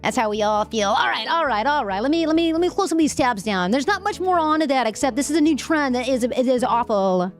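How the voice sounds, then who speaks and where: High-voiced woman streamer, animated and emotional. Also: fast, hardly any pauses, soft background music. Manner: emotional, frequently laughing and venting; reads articles aloud with asides. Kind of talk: live-stream news commentary, chatting with viewers.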